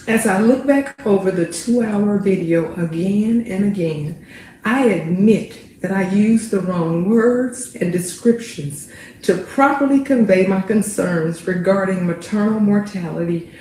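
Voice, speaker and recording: A woman physician reading a prepared apology in a measured, solemn way. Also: mid-range voice, mellow. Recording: very echoey room with faint noise.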